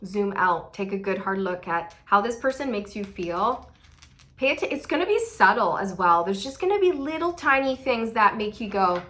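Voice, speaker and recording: A woman's voice: medium pitch, expressive, moderate pace, fairly bright tone. A woman giving a casual tarot reading, chatty and sassy, with playful laughing asides. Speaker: tarot reader.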